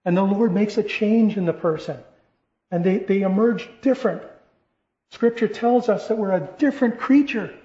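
A man preaching with earnest, rising emphasis and frequent restarts. His voice sits a little high for a man and carries a roomy echo. The recording is dull and lo-fi. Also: warm tone. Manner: earnest, repeats and restarts phrases, rising emphasis on key points. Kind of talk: sermon. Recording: echoey room, dull lo-fi sound.

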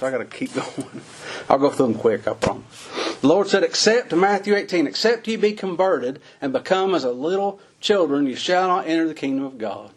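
A preacher delivering a sermon in a husky, slightly raised voice. He talks in a plain, folksy way and pushes his voice up high whenever he drives a point home. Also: a little mellow. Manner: folksy preaching, voice climbing high on emphatic lines.

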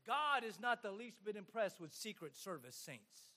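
A man preaching a sermon, reading scripture in old-fashioned biblical phrasing and swinging from hushed asides to loud, emphatic proclaiming. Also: high voice, sing-song, normal speed.

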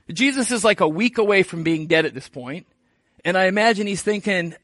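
A male pastor preaching in a relaxed, joking, storytelling way. His voice sits high and sounds bright. The sound is close and dry. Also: brisk, no room sound. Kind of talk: sermon.

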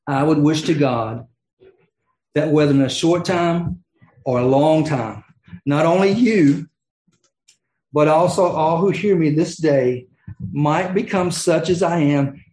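A man's voice: on the high side, darkish tone, reverberant, poor audio. A man preaching a sermon, earnest, often restarting his sentences and rising into emphatic peaks. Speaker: pastor.

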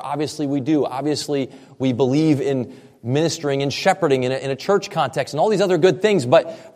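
A man's voice: mid-range voice, a little mellow, in a large hall. A man preaching a sermon, earnest and expository, often repeating points for emphasis. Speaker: pastor.

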